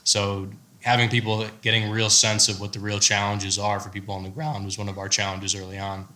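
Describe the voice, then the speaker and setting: An American man, a startup founder on a panel, giving a measured, explanatory answer. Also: lowish voice. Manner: measured, explanatory, steady delivery.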